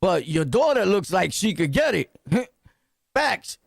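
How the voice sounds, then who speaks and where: A Brooklyn man reacts in a loud, profane rant thick with street slang, laughing between lines. His voice sits high and rough with fry. The recording is dry and close. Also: big pitch swings, a little slow, no room sound. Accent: Brooklyn New York. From Brooklyn, New York. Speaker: reaction commentator.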